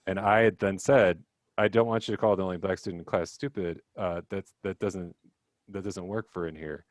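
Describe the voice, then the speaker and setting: A man's voice: low-pitched, steady tone, normal speed, dry recording. A young man leading a teacher workshop on a video call, talking casually with lots of fillers, self-deprecating asides and acted-out quotes.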